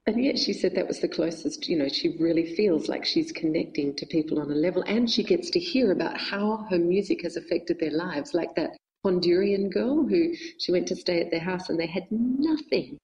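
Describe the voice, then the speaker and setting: Lively woman guest with a mellow voice. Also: fairly low pitch, brisk, few pauses, lo-fi sound. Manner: animated, laughs often. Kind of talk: casual storytelling chat.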